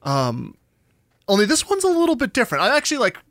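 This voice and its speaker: A man's voice: very high voice, huge pitch swings, quick pace, fairly bright tone, dry recording, clean studio sound. A man co-hosting a podcast, talking in a casual, joking way and laughing often. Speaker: podcast co-host. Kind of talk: casual comedic chat.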